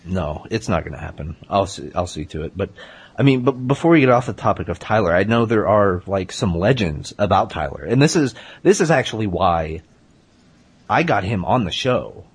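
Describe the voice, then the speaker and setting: A man hosting a casual comedy chat, rambling through deadpan tall tales with lots of hesitant fillers. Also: sits low, moderate pace, breathy edge. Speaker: podcast host.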